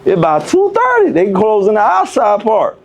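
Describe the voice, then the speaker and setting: A man's voice: high voice, wildly swooping pitch, normal speed, a little hiss or hum. A young man guesting on a podcast, telling a prison story in heavy street slang and acting out the other people's lines. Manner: profane street slang, acts out quoted voices. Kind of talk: animated storytelling.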